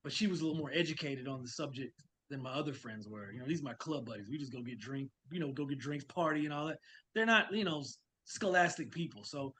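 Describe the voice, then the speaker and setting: This Louisiana man is again an interview guest, talking frankly and sharing personal stories, performing the lines he quotes. Here his voice is mid-range and fairly bright, and he speaks fast.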